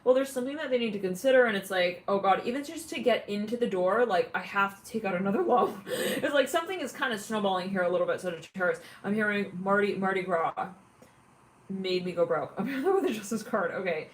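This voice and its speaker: A woman's voice: mid-range voice, animated, fast, slight background noise. A woman giving a casual tarot reading, chatty and giggly, often acting out imagined callers. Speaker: tarot reader.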